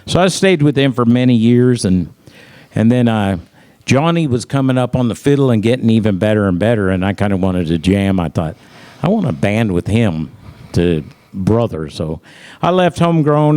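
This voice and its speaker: His mid-range voice carries a darkish tone as the middle-aged man casually recounts stories from his music career. Laughter comes often, and he plays out other people's lines in raised voices.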